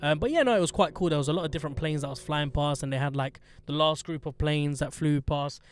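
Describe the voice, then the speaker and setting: A man's voice: fairly high pitch, fast talker, smooth, no echo. Blunt, sweary man chatting. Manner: blunt, sweary and joking, using London slang. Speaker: podcast host. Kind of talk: casual chat.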